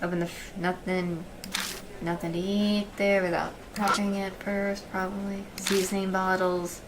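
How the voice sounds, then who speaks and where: Somewhat slow and flat in a mid-range voice, a woman chats casually while streaming a game, reading its text and thinking aloud. She murmurs quietly as she explores, with game music and background noise behind her.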